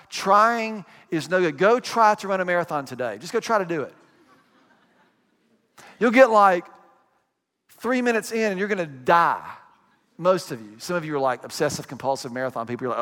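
A man with a high voice preaches in a loose, conversational way, dropping asides and acting out what people say. His voice rings with long reverb from a big hall. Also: expressive, fairly bright tone. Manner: conversational preaching with asides and quick acted quotes. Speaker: pastor. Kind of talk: sermon.

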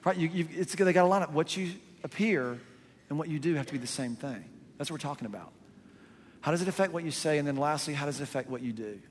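A man preaching a sermon in a conversational, animated way, full of rhetorical questions. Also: on the high side, fast, in a large hall, a little hiss or hum. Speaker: pastor.

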